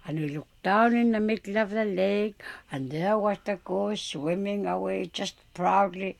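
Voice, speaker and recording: Woman storyteller folk tales, slow, gravelly, dry close sound. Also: mid-range voice, no room sound. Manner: unhurried, with pauses and fillers. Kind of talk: oral folk tale telling.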